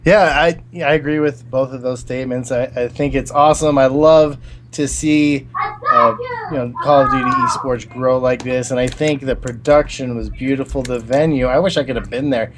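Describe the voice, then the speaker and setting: A man's voice: medium pitch, fairly even intonation, moderate pace, slight background noise. A man guest in a casual gaming chat, upbeat and enthusiastic, over a voice call.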